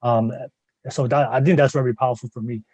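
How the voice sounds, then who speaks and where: A man hosting a panel discussion over a video call, halting and encouraging as he hands the floor to guests. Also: medium pitch, fairly even intonation, a little mellow, no echo, dull audio. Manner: halting, encouraging, full of fillers. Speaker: podcast host.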